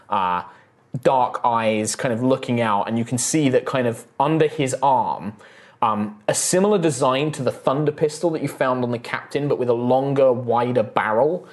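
A man's voice: mid-range voice, normal speed. A man narrating as game master of a tabletop game, describing scenes loosely with lots of fillers.

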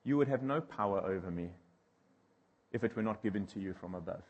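A male preacher voicing a calm, confident man who speaks softly and low. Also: dull audio, close to an everyday voice. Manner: soft, low, measured.

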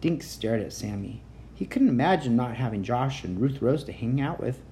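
A woman reading a children's chapter book aloud in an expressive, animated way. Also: rumbling low, normal speed. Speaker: reader.

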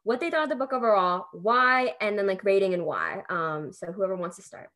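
A woman's voice: medium pitch, expressive, a little fast, fairly bright tone. A young woman leading a casual book club chat, rambling and dramatic, with many restarts.

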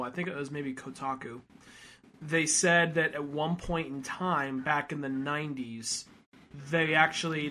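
A man co-hosting a podcast in casual chat, rambling and animated, swearing often. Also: fairly high pitch, a little hiss or hum. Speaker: podcast co-host.

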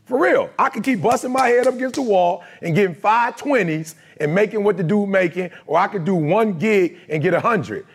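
A man speaks in a raised, gravelly voice, pitched a little above the usual for men. He gives a motivational talk to a live crowd, emphatic and conversational, full of street slang. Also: brisk, hardly any pauses. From Detroit, USA.

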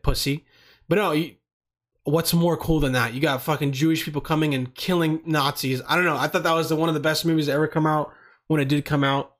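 A man's voice: fairly high pitch, a bit bright. A young man rambling through questions in a casual, profane monologue, often trailing off and restarting. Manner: rambling, profane, laid-back. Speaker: vlogger answering questions.

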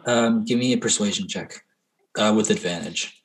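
A man running a tabletop game in a loose, casual way, calling for checks and narrating with filler words. His voice is somewhat low. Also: normal speed, poor audio. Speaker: game master.

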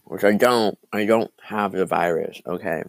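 A man's voice: sits low, normal speed, no room sound. A young man hosting a casual solo podcast, rambling and self-deprecating, his throat phlegmy from coughing. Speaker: podcast host.

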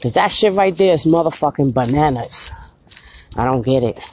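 A woman's voice: low-pitched, expressive, normal speed, a little mellow, low-quality recording. A woman hosting her own vlog, talking bluntly and profanely into a phone as she walks a street at night, repeating "you feel me" often. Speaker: vlog host. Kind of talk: casual street vlog rant. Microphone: phone held while walking.

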